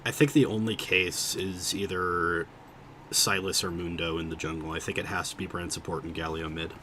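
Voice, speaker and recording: A man streaming a video game, chatting casually with his viewers and thinking out loud, often cutting himself off mid-sentence. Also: deep voice, little pitch movement, moderate pace, slight background noise. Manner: rambling, self-interrupting, thinking out loud. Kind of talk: casual livestream chat while gaming.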